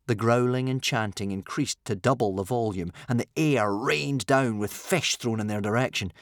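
A man reading a children's adventure story aloud in an expressive, playful way. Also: mid-range voice, moderate pace, dry recording, clean studio sound. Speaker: audiobook narrator. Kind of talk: scripted storybook narration.

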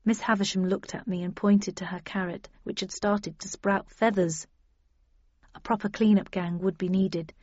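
A woman giving a steady scripted audiobook narration in the first person. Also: medium pitch, moderate pace, dry recording. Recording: dull lo-fi dry recording.

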